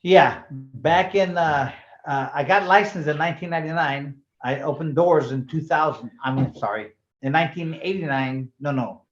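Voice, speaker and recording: Speaking at a moderate pace with a fairly high pitch, a man in his sixties who was once a boxing champion spins stories in a relaxed interview. He animates them by acting out dialogue, slang and swearing included, in a roomy, slightly dull-sounding recording.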